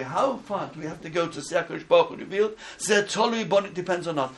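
A man's voice: high-pitched, fast, poor audio. A man giving a conversational sermon-style lecture, acting out little voices and asides. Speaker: religious teacher.

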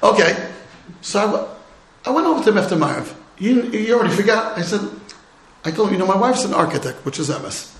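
A middle-aged rabbi teaches a class in a storytelling Torah talk, sharing humorous stories and posing rhetorical questions. His voice is high and very animated, and he speaks a little fast. The room is echoey.

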